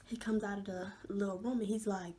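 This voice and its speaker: Mellow-voiced young woman telling a story. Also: mid-range voice, brisk. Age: young adult. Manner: animated storytelling, many fillers, drops to a hush. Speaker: vlogger. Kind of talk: storytime vlog.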